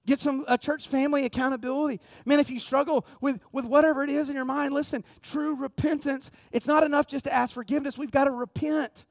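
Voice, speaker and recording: A man preaching a sermon to his congregation, moving from hushed pleading to fervent exhortation. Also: extremely high pitch, fairly even intonation, quick pace, hardly any pauses, dry recording. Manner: repetitive preacher cadence, addresses the congregation directly. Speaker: pastor. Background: music.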